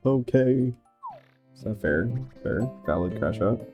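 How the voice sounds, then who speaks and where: A woman with a very deep voice talks loosely over her game, chatty and self-mocking. Her tone swings up and down a lot. Game music plays clearly underneath her. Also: expressive, unhurried. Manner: rambling, chatty, laughs at herself. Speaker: gaming vlogger. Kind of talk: casual gameplay commentary.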